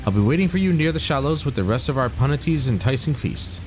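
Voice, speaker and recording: Man putting on a gruff wildlife expert. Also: medium pitch, expressive, fast, darkish tone, slight background noise, pitched above the performer's own voice, natural voice, rough recording. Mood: matter-of-fact. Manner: reading game dialogue with a slight put-on accent.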